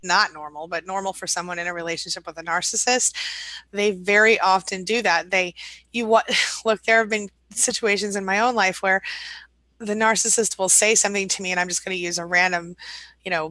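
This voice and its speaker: A woman hosting a live support stream, reading viewer comments aloud and answering them in a warm, chatty way with fillers and light laughs. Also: medium pitch, no echo, low-quality recording. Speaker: live-stream host and coach.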